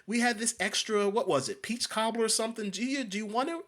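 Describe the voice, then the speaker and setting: A man putting on the voice of an overly sweet restaurant server, high and hesitant. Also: quick pace, fairly bright tone. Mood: fake-cheerful.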